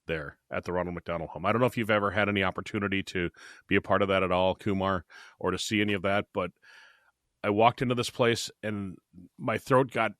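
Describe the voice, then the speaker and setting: An older man co-hosting a podcast, talking in a casual, halting way and stumbling over repeated words as he gets emotional. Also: deep voice, steady tone, a bit bright, no echo, clean studio sound. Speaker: podcast co-host.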